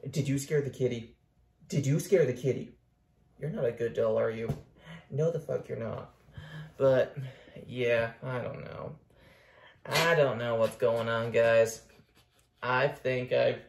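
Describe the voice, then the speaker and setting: This vlogger, a weary young Ontario man with a Canadian accent, talks slowly in a creaky mid-range voice, leaving long pauses. He swears and rambles, swinging from bursts of noise to mumbles. There's slight background noise and an echoey room.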